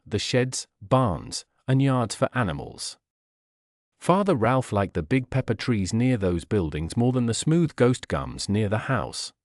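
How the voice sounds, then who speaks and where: A man's voice: lowish voice, darkish tone, dry recording, studio quality. Man narrating a learner audiobook. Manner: clear and plain.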